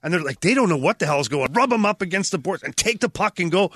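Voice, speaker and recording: A man talking casually on a podcast as a retired hockey player and co-host, telling lively stories and acting out what other people said. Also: high voice, quick pace, no echo, clean studio sound. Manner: lively storyteller acting out quotes.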